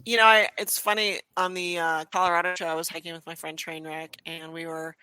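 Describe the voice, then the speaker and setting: Young woman on a podcast, bright tone, dry close sound, tells stories with lots of you knows. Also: fairly low pitch, brisk, smooth, dry recording, rough recording. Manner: animated storyteller, frequent restarts and "you know". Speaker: podcast guest. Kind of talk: casual conversation.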